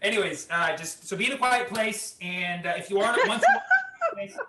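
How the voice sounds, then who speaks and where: A man's voice: high-pitched, wildly swooping pitch, normal speed, echoey room, distant mic, heavy background noise. A man hosting an online comedy show on a video call, joking and exasperatedly scolding a bandmate. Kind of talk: stand-up banter.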